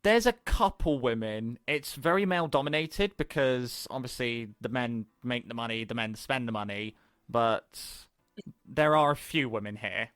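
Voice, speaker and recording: A man narrating a tabletop role-playing game as game master, in a relaxed way. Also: medium pitch, normal speed, smooth, no echo, studio quality.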